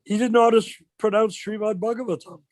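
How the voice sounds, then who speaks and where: An older man leading an informal religious discussion on a video call, telling stories with rhetorical questions in an animated way. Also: high-pitched, fast talker, no echo. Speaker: discussion leader.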